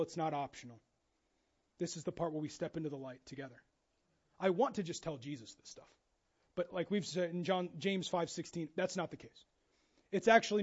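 A man preaching a sermon in a conversational way, swinging from hushed to loud and urgent, and acting out the quoted voices. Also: on the high side, normal speed, pauses often, lo-fi sound. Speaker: pastor.

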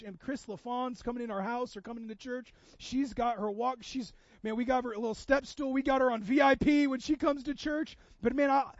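High-voiced man preaching a sermon. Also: steady tone, a little fast, few pauses, dry recording, muffled recording. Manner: conversational preaching, acts out quoted voices. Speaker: pastor.

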